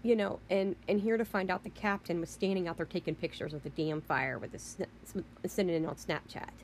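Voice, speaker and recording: A woman's voice: on the low side, a little fast, slight background noise. Indignant rambling woman ranting. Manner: indignant, rambling, repeats "you know" and "I mean"; swears in exasperation. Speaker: vlogger. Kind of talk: angry storytelling rant.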